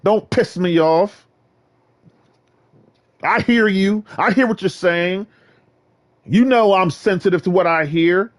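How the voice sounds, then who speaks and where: A man's voice: high-pitched, slow, pauses often. A man from Virginia ranting and trash-talking in a casual gaming vlog monologue. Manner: animated, boastful, trash-talking. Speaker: gaming vlogger.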